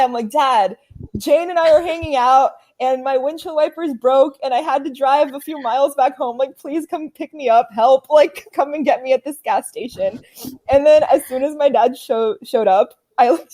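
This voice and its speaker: A woman in her twenties telling a story as a podcast guest, animated and laughing often, with lots of "like" fillers. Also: a little high. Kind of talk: casual chat.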